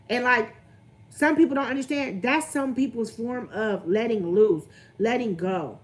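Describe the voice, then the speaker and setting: A woman's voice: a little high, measured pace. A young woman, venting candidly on her livestream and greeting viewers as she talks. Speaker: vlogger on a livestream.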